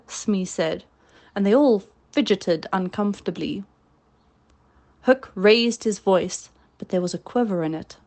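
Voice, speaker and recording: A woman reading a storybook aloud in a measured narrating style. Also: medium pitch, darkish tone. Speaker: audiobook reader.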